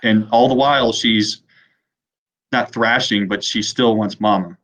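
A man's voice: on the low side, a bit bright. A man calling in to an advice show, speaking hesitantly with many restarts. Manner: hesitant, halting. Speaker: caller. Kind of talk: phone-in conversation.

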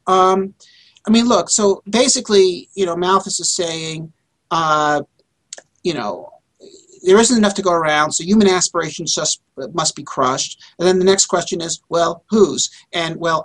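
A high, slightly bright male voice answers interview questions as a guest author. He speaks emphatically and insistently, often repeating words and restarting sentences mid-thought.

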